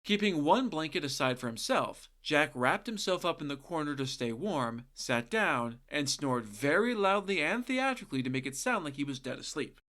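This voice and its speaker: Lively, irreverent male storyteller. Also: fairly high pitch, normal speed, hardly any pauses. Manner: irreverent, swears, sarcastic asides. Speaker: podcast host and storyteller. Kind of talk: comedic narration of folktales.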